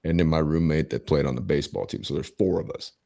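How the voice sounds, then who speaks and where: Gravelly deep-voiced man telling a profane story. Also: fast, mellow. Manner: emphatic, swears heavily, many restarts. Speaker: podcast host.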